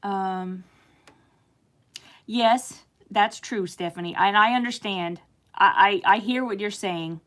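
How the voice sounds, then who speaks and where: Speaking slowly with long pauses in a mid-range voice, this middle-aged woman from the US runs a laid-back live stream. She reads viewers' chat comments out loud and talks with them in a chatty, warm-hearted way, full of laughter and filler words.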